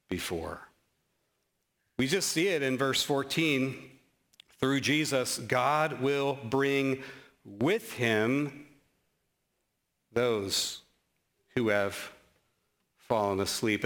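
A man preaching a sermon as pastor, animated, with sudden rises in pitch and slow, emphatic scripture reading, plus some self-deprecating humor.

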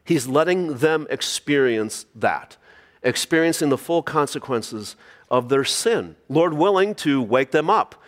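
Male pastor, sermon, earnest, rhetorical questions, slightly high voice, church reverb. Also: lively intonation, a little slow. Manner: earnest preaching with rhetorical questions, reads scripture aloud.

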